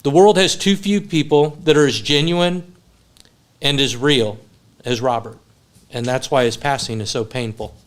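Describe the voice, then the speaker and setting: Speaking unhurriedly in a steady, mid-range voice, a man honors a friend at a funeral home memorial service. He tells funny anecdotes, then moves into sincere tribute, blending humor with heartfelt storytelling.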